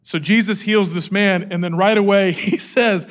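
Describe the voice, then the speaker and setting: A man's voice: sits high, fairly even intonation, moderate pace. A middle-aged man preaching a sermon, telling the story with energy and acting out the quotes. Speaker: pastor.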